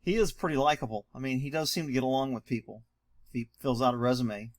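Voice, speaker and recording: A man's voice: medium pitch, fast, no echo, clean studio sound. A man giving opinionated, sarcastic commentary on a video clip. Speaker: commentator host.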